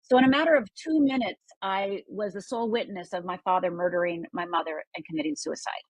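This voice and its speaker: A woman's voice: fairly low pitch, a little fast, no room sound, low-quality recording. An older woman from Upper Michigan, a guest telling a personal story in an earnest, emphatic way. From Upper Michigan, United States.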